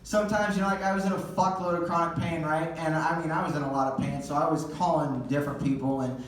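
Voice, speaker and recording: A man's voice: on the high side, steady tone, quick pace, slight background noise. A male stand-up comedian telling crude, rambling stories with lots of fillers. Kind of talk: stand-up set. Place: comedy theater stage. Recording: echoey theater recording from far off.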